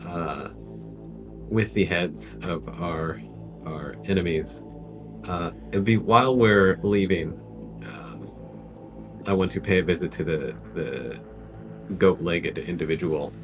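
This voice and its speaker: A man playing a character in an online tabletop game, speaking hesitantly with many pauses and restarts. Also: low voice, over music, poor audio. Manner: hesitant, full of ums and restarts. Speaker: player. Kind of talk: casual tabletop role-play.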